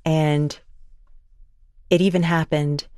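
Woman interviewer, low-pitched, measured questions, dry sound. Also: flat delivery, a little mellow, no echo.

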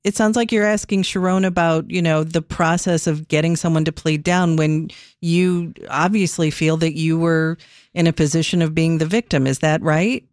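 A radio host running a call-in show, speaking gently and reassuringly to callers and a guest. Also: medium pitch, fairly even intonation, moderate pace, no room sound, studio quality.

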